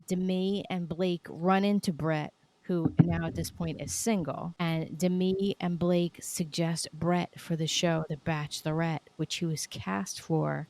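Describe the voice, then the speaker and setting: Low-voiced woman podcast co-host. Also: a little mellow, a little hiss or hum. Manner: storytelling, walks through backstory step by step. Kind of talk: casual chat recapping a reality show.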